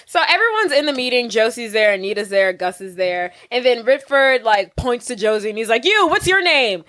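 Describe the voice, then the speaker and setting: A woman's voice: on the high side, a little fast. A young woman in her twenties co-hosting a casual podcast, telling stories with lots of laughter. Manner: giggly, animated storytelling. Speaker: podcast co-host. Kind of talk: casual chat.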